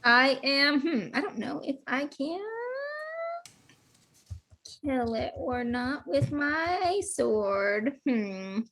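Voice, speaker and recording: A woman's voice: sits high, expressive, very slow, pauses often, background noise. A woman playing a tabletop game, thinking aloud and unsure, with casual swearing. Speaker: player.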